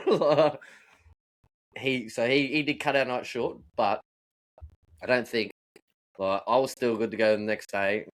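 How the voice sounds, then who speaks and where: A man's voice: medium pitch, measured pace, pauses often. A man, a podcast co-host and roofer, telling rowdy, profane work stories in casual chat. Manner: profane, animated storyteller acting out rants.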